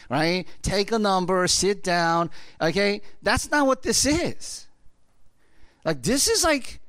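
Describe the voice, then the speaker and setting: A male pastor delivers a loose, conversational sermon, wandering through asides and fillers. His voice sits high and swings widely in pitch. The sound is dry and close. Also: fairly bright tone, no echo. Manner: casual, rambling, full of fillers and asides.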